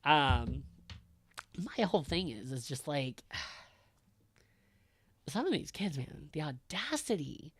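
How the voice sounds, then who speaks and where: A man who works as a high school teacher, ranting in casual chat, blunt and profane, with lots of fillers. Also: animated, extremely slow, long pauses, husky, no room sound.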